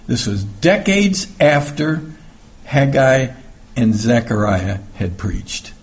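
Slightly high and a little mellow, with vocal fry, this man's voice leads a conversational, verse-by-verse sermon as a Bible teacher. He uses plenty of fillers and restarts and performs the voices of the passages he reads aloud.

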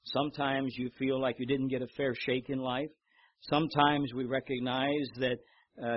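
An older man preaching a sermon, telling stories with lively repetition and reading scripture aloud. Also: medium pitch, highs cut off. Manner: storytelling, animated in anecdotes, repeats words. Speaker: pastor.

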